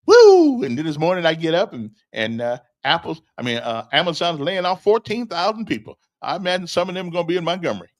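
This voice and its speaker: An older man hosts a casual stream and tells a long, wandering story. His voice sits high and jumps all over the place. He stammers, repeats words, chuckles often and speaks straight to one listener. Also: fairly bright tone. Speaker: host. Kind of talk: casual livestream chat.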